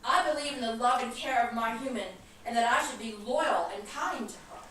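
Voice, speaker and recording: A gentle, loyal horse, voiced by a woman preacher states what it believes in. The sound is distant and echoing, with room noise behind. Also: a little high, fairly quick. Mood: sincere. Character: kind loyal horse in a joke. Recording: echoey hall from far off, room noise.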